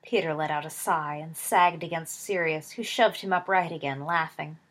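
Woman narrator, storybook reading, breathy, somewhat low pitch, steady. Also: normal speed. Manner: steady, drops low and soft for dialogue tags. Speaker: reader.

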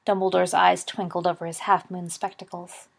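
A woman narrating a story in a steady, measured reading voice. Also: fairly low pitch, gravelly, husky. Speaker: reader.

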